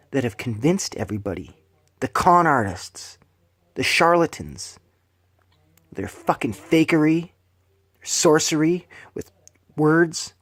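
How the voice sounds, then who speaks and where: A man delivering an angry, profane, preachy rant to his viewers, swinging between loud bursts and low, hushed lines. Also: very animated, slow, long pauses, no echo. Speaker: vlogger.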